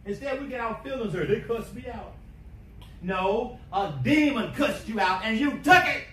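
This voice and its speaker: A man preaching a sermon, emphatic, swinging between quiet asides and shouting. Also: very high voice, moderate pace. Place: church sanctuary. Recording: echoey church from a distance, faint hiss.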